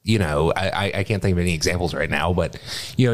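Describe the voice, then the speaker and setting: A man's voice: low-pitched, quick pace. A man co-hosting a podcast in casual chat, loose and joking. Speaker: podcast co-host.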